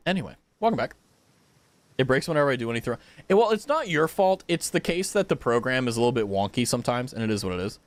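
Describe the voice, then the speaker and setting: A young man streaming a game, chatting casually with his viewers, animated and blunt, swearing freely. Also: medium pitch, fast talker, no room sound. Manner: animated, swearing, talks to chat. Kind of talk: casual live-stream chat.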